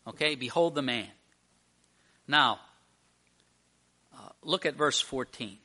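A man's voice: medium pitch, expressive, slow pace, sharp tone. A male pastor preaching a sermon to his church at communion, emphatic and full of rhetorical questions.

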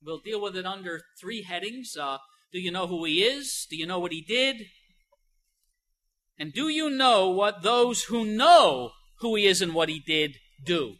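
A man preaching a sermon as pastor, emphatic, with many rhetorical questions and "you know" fillers, moving between soft and loud emphasis. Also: sits high, expressive, unhurried, low-quality recording.

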